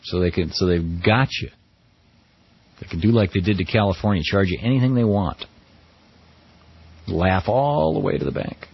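A man's voice: low voice, husky, lo-fi sound. A middle-aged man hosting a radio talk show, giving wry, conversational commentary on the news. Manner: wry, conversational, quotes people in mock voices.

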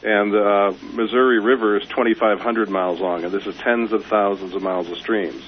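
A man calling in to a radio show who speaks quietly and rushes through his points. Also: fairly low pitch, fairly even intonation. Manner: quiet, rapid-fire points. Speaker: caller. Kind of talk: phone-in call. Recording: muffled phone-in line with faint hiss.

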